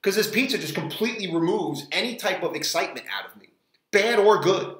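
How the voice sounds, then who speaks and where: Rambling high-voiced man in an echoey room. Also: expressive, fairly bright tone. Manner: rambling, halting, restarts often. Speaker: frozen pizza reviewer. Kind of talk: casual review vlog. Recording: roomy echo.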